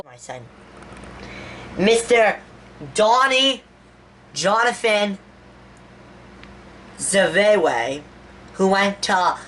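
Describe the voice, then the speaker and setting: A woman voicing a mother who gives a halting, solemn funeral speech in a homemade toy-figure animation. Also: medium pitch, fairly bright tone, a little hiss or hum. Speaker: funeral speaker.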